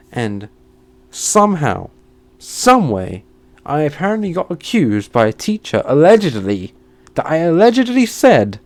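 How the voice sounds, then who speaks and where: A man's voice: mid-range voice, dry recording. Man, channel host, heated storytime rant, mid-range voice, swears and blows up. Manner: heated and swearing, flaring into shouts then sighing. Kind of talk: ranting storytime monologue.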